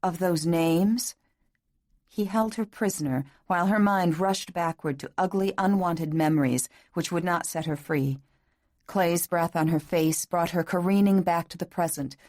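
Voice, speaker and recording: A woman with a low, slightly mellow voice reads an audiobook as scripted narration at a moderate pace. The sound is clean studio quality with no echo.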